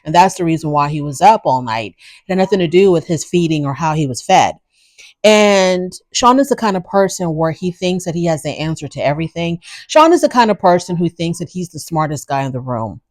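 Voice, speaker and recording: A woman's voice: lowish voice, animated, a little fast, a little mellow, no echo. A woman hosting a casual recap show, giving frank, opinionated commentary in a chatty way. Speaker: reality show recap host.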